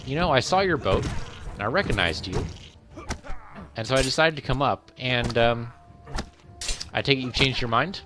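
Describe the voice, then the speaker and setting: A man's voice: mid-range voice, normal speed, long pauses, noisy background, lightly acted. A man doing a polite magical talking fish. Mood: obliging.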